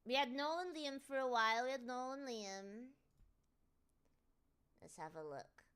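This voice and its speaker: A woman's voice: high voice, expressive, a little slow, a bit bright, clear, resonant tone. A British woman streamer chatting casually and jokily as she answers viewer questions. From United Kingdom. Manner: chatty, jokey, with many restarts and playful put-on voices. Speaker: VTuber streamer.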